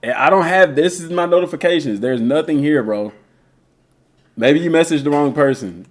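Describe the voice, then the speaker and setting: A young man chatting casually on a live stream, reading chat aloud in a slangy, animated way, his voice a bit worn from talking for hours. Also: a little high, normal speed.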